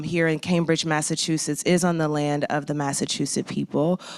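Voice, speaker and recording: A man from St. Louis hosting a conference, giving opening remarks and hyping the crowd with playful shout-outs, his throat slightly strained. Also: fairly high pitch, smooth, no room sound, clean studio sound. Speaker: conference host.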